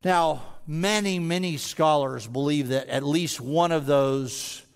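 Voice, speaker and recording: A man's voice: a little high, slow, smooth. A man preaching a sermon as senior pastor, talking conversationally with frequent stammered restarts and building into intense rhetorical questions. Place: large church sanctuary. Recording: long hall reverb from a large sanctuary.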